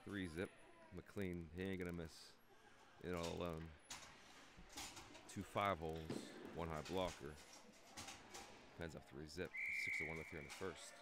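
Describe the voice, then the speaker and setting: Man, hockey play-by-play, low voice, jokey and excitable, noisy rink recording. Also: a little slow, long pauses. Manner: excitable, jokey, calls goals loudly. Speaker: play-by-play commentator. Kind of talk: amateur youth hockey commentary.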